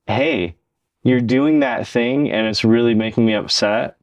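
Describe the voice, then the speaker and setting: In a mid-range voice at a measured pace, with no echo on the recording, a man co-hosts a casual relationship-advice podcast. His tone is earnest as he lays out his thinking at length, performing the things partners say to one another.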